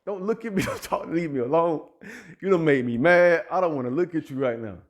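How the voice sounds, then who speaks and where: A man's voice: fairly high pitch, animated, fairly quick. A man who runs an app business, ranting straight to his listeners in loose, heated street talk. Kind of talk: direct-to-camera rant.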